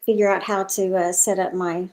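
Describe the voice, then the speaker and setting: A woman's voice: fairly low pitch, little pitch movement, normal speed, darkish tone. A woman hosting a casual group chat, talking in a hesitant way and trailing off into fillers. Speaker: host.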